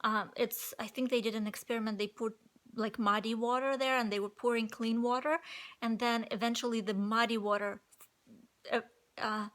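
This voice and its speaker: A woman with a fairly high, slightly nasal voice and a non-native English accent talks to her viewers about staying positive. She rambles casually, restarting phrases and leaning on fillers as she goes. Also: fairly even intonation, moderate pace, fairly bright tone. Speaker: vlogger. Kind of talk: casual motivational talk to camera.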